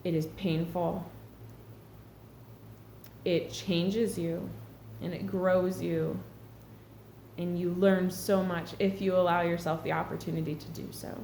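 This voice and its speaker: A woman's voice: on the low side, level tone, slow pace, creaky, long pauses, a little mellow. A woman talking earnestly and reflectively to camera in a casual spiritual vlog. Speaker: spiritual vlogger. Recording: echoey room with faint background hum.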